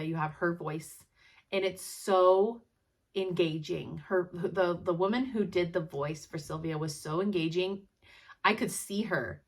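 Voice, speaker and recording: A young adult woman talks casually to her viewers in a slightly low voice. She gushes freely, with lots of "like" and "um" and laughter slipping into her sentences. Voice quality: chatty, gushing, frequent "like" and "um", laughs while talking. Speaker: cross-stitch vlogger. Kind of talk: casual chat to camera.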